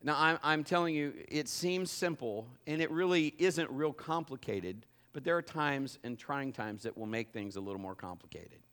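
Middle-aged pastor guy preaching, acts out his stories, voice sits kinda high. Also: normal speed, hardly any pauses, clean tone. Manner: animated, acts out the story. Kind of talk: sermon with humorous storytelling.

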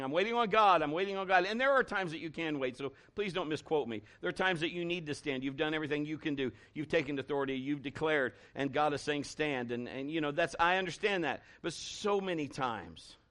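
A pastor preaches a sermon in a high voice. He builds his volume and calls out to the congregation as he goes. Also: a bit bright.

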